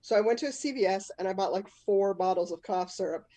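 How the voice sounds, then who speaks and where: A woman's voice: mid-range voice, quick pace, mellow, no echo. A woman comic hosting a live storytelling show, telling a self-mocking story in a casual, rambling way. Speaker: comic and host.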